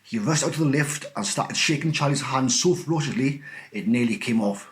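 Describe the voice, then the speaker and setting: A male teacher reading a children's storybook aloud in an expressive, animated way. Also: mid-range voice, a little fast.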